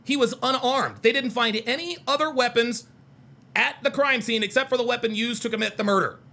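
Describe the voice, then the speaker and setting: A man's voice: extremely high pitch, fairly quick, bright, forceful tone. A man hosting a heated livestream, reading out chat comments and arguing with them in a combative, mocking way, repeating his points.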